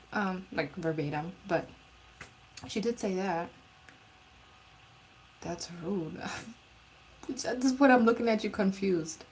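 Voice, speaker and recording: A woman's voice: mid-range voice, a little mellow, a little hiss or hum, rough recording. A woman telling a storytime in a casual, blunt and profane way, rambling with restarts. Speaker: live streamer.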